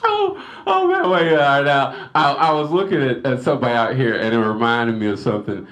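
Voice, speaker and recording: A man's voice: mid-range voice, sing-song, a little fast, fairly bright tone. A middle-aged man from North Carolina, doing a live stand-up set and acting out the voices in his stories. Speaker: stand-up comedian. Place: stage at a lodge hall.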